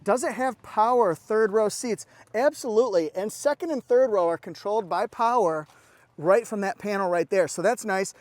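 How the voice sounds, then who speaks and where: A man's voice: high-pitched, normal speed, no echo. A middle-aged man giving an upbeat, enthusiastic walkaround review of a car at a dealership, exclaiming as he points out features.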